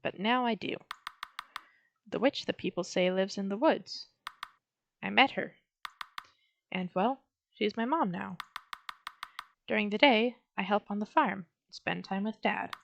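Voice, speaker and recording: A woman's voice: medium pitch, a little slow, creaky, pauses often, muffled recording, a little hiss or hum. A woman voicing a young scarecrow boy who sounds shy, earnest and a little hesitant. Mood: journal reading.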